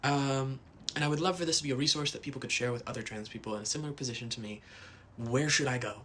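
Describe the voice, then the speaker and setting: A man's voice: medium pitch, fairly even intonation, rapid-fire, a bit bright, slight background noise. A man asking an earnest, hesitant question in a casual vlog.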